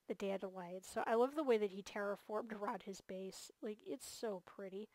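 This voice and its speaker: A woman's voice: mid-range voice, normal speed, hardly any pauses, darkish tone, no room sound. A tired woman hosting a game series, giving an enthusiastic, gushing tour with lots of fillers. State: tired, yawning. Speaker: host of a multiplayer game series. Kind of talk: casual gameplay tour commentary.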